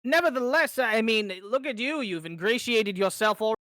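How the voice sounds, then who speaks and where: Bright-voiced, stammering man role-playing. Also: sits high, moderate pace, no room sound. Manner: hesitant, stammering restarts. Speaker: player. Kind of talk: in-character tabletop role-play.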